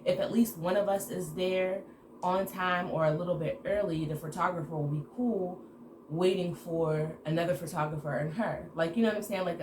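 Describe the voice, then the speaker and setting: A woman telling a casual story to her viewers in an animated way, acting out the dialogue. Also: deep voice. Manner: animated retelling with acted-out quoted dialogue. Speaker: storytime vlogger. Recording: echoey room with background noise.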